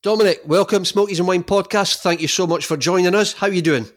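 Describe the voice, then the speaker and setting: Man, podcast host, teasing banter, slightly high voice. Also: fast, slight background noise. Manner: teasing and friendly. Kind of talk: casual podcast chat.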